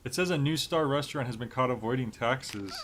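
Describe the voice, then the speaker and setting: A man's voice: medium pitch, fairly quick, fairly bright tone, slight background noise. A young man casually commenting as he plays a game on stream, chatty and often restarting his sentences. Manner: chatty, reads game dialogue aloud, trails off and restarts. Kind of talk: casual let's-play commentary. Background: game music.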